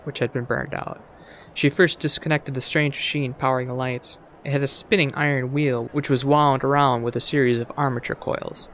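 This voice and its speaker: A man's voice: medium pitch, a bit bright, slight background noise. A man reading a story game aloud while playing, stumbling over words and adding asides. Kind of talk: let's play reading aloud.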